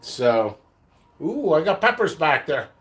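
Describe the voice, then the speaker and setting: High-voiced, bright man ranting angrily. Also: big pitch swings, takes it slowly. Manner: angry, profane ranting; blunt and rambling with restarts. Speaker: seed vendor. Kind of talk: vlog rant to camera.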